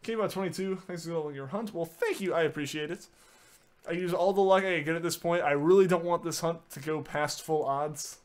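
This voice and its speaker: In a slightly high, clear, resonant voice at a moderate pace, a man streams a game and chats casually with viewers, answering their messages. His speech is filler-heavy, packed with "like"s and restarted sentences.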